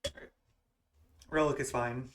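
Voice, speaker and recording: A man's voice: medium pitch, steady tone, measured pace, a little hiss or hum. Man thinking aloud over a card game. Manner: musing, self-questioning strategy talk. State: has the hiccups. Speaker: gaming content creator.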